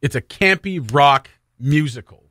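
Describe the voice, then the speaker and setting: A man with a bright, forceful tone talks eagerly on a morning radio show, explaining at length and laughing easily. His voice sits at an ordinary pitch, recorded close and dry in a studio. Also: expressive, unhurried, no room sound. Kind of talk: casual morning radio banter.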